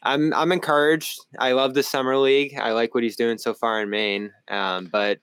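A man's voice: medium pitch, moderate pace, clear, resonant tone, no room sound. A man with a Boston accent, a sports reporter talking basketball in a casual postgame show, telling stories with laughter. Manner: animated storyteller, laughs often. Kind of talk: casual postgame podcast chat.

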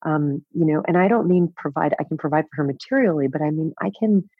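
A woman's voice: deep voice, fast talker, husky, no room sound, phone-quality sound. A woman in her fifties, a guest author speaking candidly in an interview, laughing often and swearing casually. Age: 50s.

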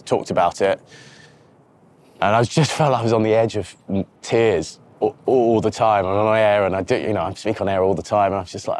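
Low-voiced man, reflective and halting. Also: a little mellow, a little hiss or hum. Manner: reflective, halting, with frequent restarts. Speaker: interview guest, TV presenter. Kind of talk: candid conversational interview. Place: outdoors by a river.

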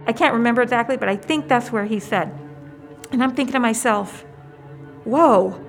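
Female interviewee, high voice, casual storytelling, exclaiming. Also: a little fast, faint music behind. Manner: exclaiming, acts out quotes.

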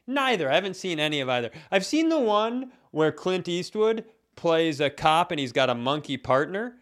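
Male comedy podcast co-host, a bit higher pitch, loose rambling storyteller who keeps correcting himself. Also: very animated, moderate pace, a bit bright. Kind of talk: casual comedic chat.

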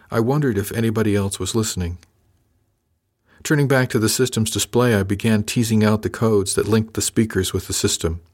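A man reading a first-person science fiction story aloud in a measured, dry manner. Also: fairly low pitch. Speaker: narrator. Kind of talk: scripted first-person audiobook narration.

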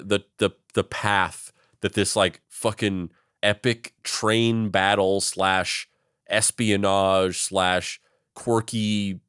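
A man's voice: deep voice, fairly bright tone, clean tone, dry recording, studio quality. A man hosting a comedy history podcast, talking loosely with lots of swearing and restarts. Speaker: podcast host.

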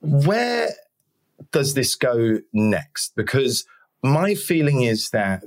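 A man's voice: medium pitch, very animated, extremely slow, creaky, no room sound. A man hosting a podcast, asking long rambling questions with frequent restarts in casual interview chat. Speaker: podcast host.

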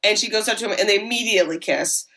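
A woman co-hosting a podcast, casually recapping a horror film in a chatty way with many quick asides. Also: mid-range voice, bright, forceful tone. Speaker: podcast co-host.

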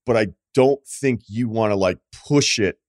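A man's voice: lowish voice, normal speed, dry recording, studio quality. A man hosting a podcast, asking long rambling questions in casual, profane chat. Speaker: podcast host.

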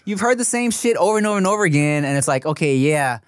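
A man's voice: a little high, lively intonation, fast, clean tone, dry recording, clean studio sound. An American man in his thirties co-hosting a podcast, talking in a loose, profane way and laughing often. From United States. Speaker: podcast co-host. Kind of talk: casual chat.

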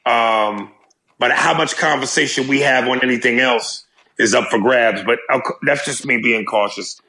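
A man's voice: medium pitch, moderate pace, pushed and bright, poor audio. A man co-hosting a podcast in loose, joking, profane casual chat. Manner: loose, profane, jokey banter. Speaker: podcast co-host.

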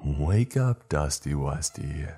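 Man voicing a deep, slow waxy monster. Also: expressive, warm tone, slightly rough, soft background music, heavily acted. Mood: luring. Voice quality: deep and full. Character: monstrous waxy creature with sewn-up lips.

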